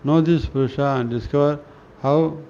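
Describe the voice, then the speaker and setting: A man reading spiritual scripture aloud in a slow, halting way, often restarting words and clearing his throat. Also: a little high, fairly even intonation, warm tone. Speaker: reader of a spiritual newsletter. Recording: dull lo-fi recording with faint noise.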